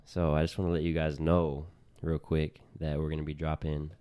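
A man with an extremely deep, dark voice co-hosting a casual podcast. He talks in a relaxed way, speaking straight to his listeners. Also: moderate pace, smooth. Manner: relaxed, addresses listeners as "you guys". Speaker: podcast co-host.

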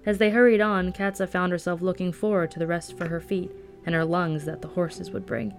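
A woman reading a novel aloud at a steady storytelling pace. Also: lowish voice, fairly quick, soft background music. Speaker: audiobook reader. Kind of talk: scripted narration.

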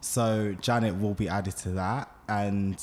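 A man's voice: lowish voice, fairly even intonation, slow pace, a little mellow, a little hiss or hum. A man hosting a casual group podcast, speaking emphatically and repeating points for effect. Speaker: podcast host.

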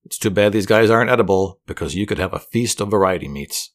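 Deep-voiced man narrating calmly. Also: fast talker. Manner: soothing, steady, dryly humorous. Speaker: storyteller. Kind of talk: calm guided fantasy narration.

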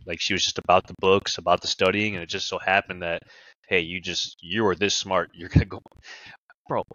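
Young man, animated jokey podcast chat, bright voice, slightly dull dry recording. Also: low-pitched, a little fast, no room sound. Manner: animated, jokey, says bro and dude. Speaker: podcast co-host. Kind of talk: casual chat.

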